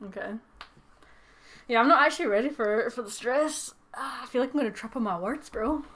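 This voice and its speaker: A young Scottish woman doing a fast, joking recap of an episode in casual chat, swearing and quoting characters as she goes. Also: a little high, fairly bright tone. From Scotland. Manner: casual and giggly, swearing, mimicking characters in quick asides. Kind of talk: rapid-fire comedic recap.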